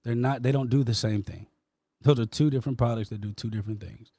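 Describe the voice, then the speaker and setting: A man's voice: medium pitch, steady tone, fast, warm tone, no room sound, clean studio sound. Passionate, insistent male podcast host. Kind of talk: heated debate with a caller.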